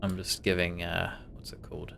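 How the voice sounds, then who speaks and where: A man's voice: low voice, completely flat delivery, normal speed, creaky, noisy background. A man streaming a video game live, chatting casually with a co-player, rambling and swearing freely. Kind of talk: casual let's-play chat. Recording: game music playing behind. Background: game music.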